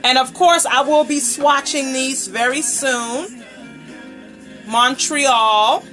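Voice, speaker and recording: A nail polish brand ambassador hosts a casual live unboxing stream from a table set up indoors at home, gushing over each item and greeting viewers by name. Her voice is high, slow and sharp-toned, with soft background music, and the rough recording comes from a tablet camera microphone.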